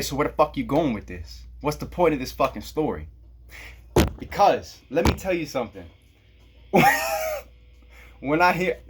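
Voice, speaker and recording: Noise fills the background as a Kansas man with a Black American English accent vlogs in a medium-pitched voice. His monologue is casual, rambling and profane, and he keeps chuckling at his own jokes.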